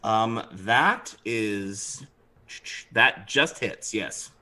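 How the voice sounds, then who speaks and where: A man narrating as dungeon master of a tabletop game, animated and throwing in character voices. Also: on the low side, very slow, poor audio.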